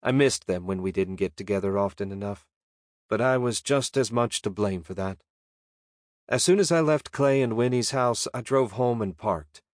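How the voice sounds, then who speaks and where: A man reading a first-person audiobook narration in a steady, measured way. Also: fairly low pitch, no echo, studio quality.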